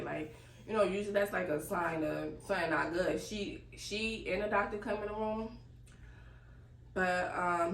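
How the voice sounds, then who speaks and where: A young woman telling a casual, animated story and laughing as she goes. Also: lowish voice. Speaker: vlogger. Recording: echoey room, distant mic, faint noise.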